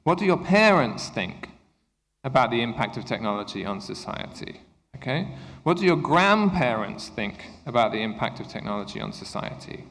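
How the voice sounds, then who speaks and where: A man giving a conference workshop to English teachers, talking to the room in an engaging way and often checking in with a quick "okay?". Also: medium pitch, very animated, a bit bright. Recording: echoey hall reverb.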